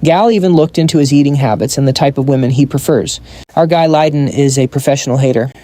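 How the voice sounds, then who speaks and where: A man's voice: mid-range voice, quick pace, mellow, no room sound. A man narrating a comic story recap in a scripted style, dropping wry joking asides.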